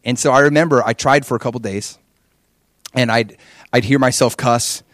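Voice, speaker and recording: A pastor in his forties preaching a sermon, telling a personal story in an animated way and acting out his own past prayers and conversations. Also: mid-range voice, moderate pace, dry recording, clean studio sound.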